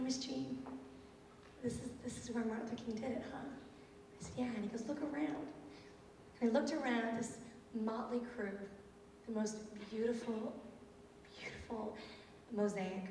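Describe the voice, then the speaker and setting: A woman's voice: fairly high pitch, a little hiss or hum. A woman in her thirties, a teacher giving a lecture, telling stories animatedly and acting out her students' lines. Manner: animated, acts out students' quotes. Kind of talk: storytelling talk. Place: university auditorium. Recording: echoey hall from far off, lo-fi tape.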